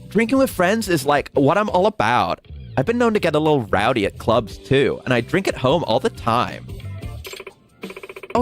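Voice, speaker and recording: A woman's voice: a bass voice, full character voice. A man voicing a bubbly, party-loving young woman bartender, talking in chirpy, slangy bursts.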